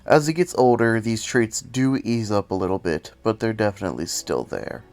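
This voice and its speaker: A man gives casual commentary in a fairly low voice. He rambles, pokes fun at himself and now and then slips into a rant full of swearing. Faint music runs underneath. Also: animated, normal speed, darkish tone. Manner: rambling and self-deprecating, with cursing rants. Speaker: video essay host.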